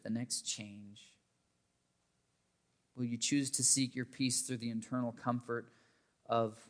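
Earnest pastor man preaching conversationally. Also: a little high. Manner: earnest, conversational, rising animated in anecdotes. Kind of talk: sermon.

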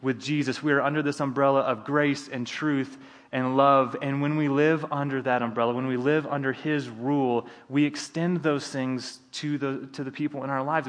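A man's voice: medium pitch, fairly bright tone. A man preaching a sermon as pastor, in a conversational manner with frequent restarts and asides. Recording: long hall reverb.

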